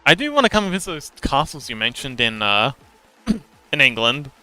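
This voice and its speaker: Bright, crisp-voiced man chatting on a livestream. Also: medium pitch, big pitch swings, moderate pace, faint music behind. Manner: chatty and playful, laughs often between remarks. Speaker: livestream host. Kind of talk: casual livestream chat, reading viewer messages aloud.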